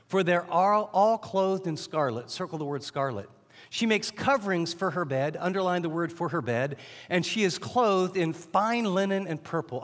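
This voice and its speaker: A middle-aged man preaching a sermon as a Bible teacher, animated and often restarting his sentences. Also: sits high. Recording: long hall reverb.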